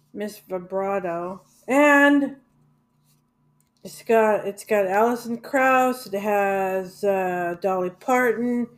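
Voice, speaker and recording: A woman's voice: medium pitch, takes it slowly. A woman in a casual rambling monologue about music, hesitant, with many fillers and restarts and some blunt swearing. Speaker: music vlogger.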